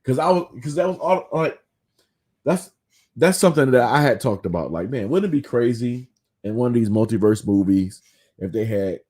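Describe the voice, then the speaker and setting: A man's voice: medium pitch, expressive, moderate pace, darkish tone. A man co-hosting a casual film discussion podcast, telling stories with energy and reading viewer comments aloud. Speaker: podcast co-host.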